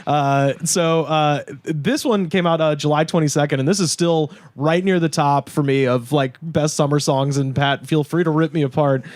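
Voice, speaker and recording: A man in his thirties rambles through casual podcast chat, swearing freely and laughing between points. His voice sits a touch high, and the sound is dry and close. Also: fairly even intonation, moderate pace, few pauses, darkish tone, dry recording. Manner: rambling, laughs often, profane. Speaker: podcast co-host.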